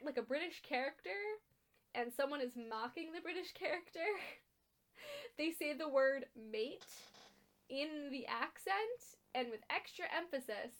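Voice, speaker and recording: A young woman with a fairly high voice, co-hosting a casual podcast. She recaps a TV episode in loose, chatty talk, full of ums and the odd bit of swearing. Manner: chatty, frequent ums and laughs, blunt swearing. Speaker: podcast co-host.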